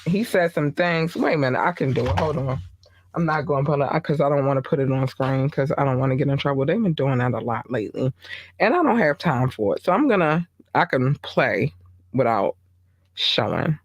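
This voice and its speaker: A woman's voice: a bass voice, animated, a little fast, slightly rough, no room sound. A woman hosting a casual gossip podcast, chatty with many fillers and asides. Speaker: podcast host.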